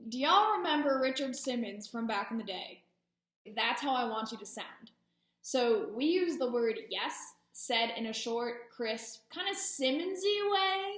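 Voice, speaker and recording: A woman's voice: fairly high pitch, measured pace, fairly bright tone, roomy sound. A woman service dog training instructor explaining training methods with friendly, self-deprecating asides. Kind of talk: instructional talk.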